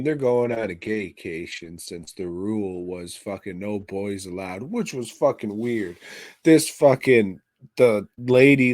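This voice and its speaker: A man's voice: lowish voice, dry recording. A man co-hosting a podcast, reviewing a movie in casual chat with crude, sarcastic, swear-heavy remarks. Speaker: podcast co-host. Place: podcast studio.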